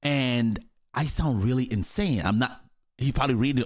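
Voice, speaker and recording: A man hosting a reaction video, talking casually in an animated, rambling way with chuckling asides. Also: medium pitch, normal speed.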